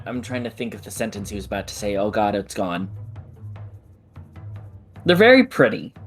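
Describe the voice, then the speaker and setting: Player voicing a jittery young guy, lively swooping voice, laughs a lot. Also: medium pitch, a little slow, soft background music. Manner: animated, laughing. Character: nervous young man Wirt. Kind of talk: tabletop role-play.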